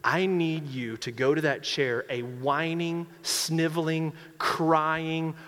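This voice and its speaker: A man's voice: a little high, fairly even intonation, takes it slowly, a bit bright. A man voicing an earnest prison priest who presses his plea urgently, with a long church reverb. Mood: insistent. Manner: urgent, repetitive pleading. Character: earnest male prison priest, calm and insistent.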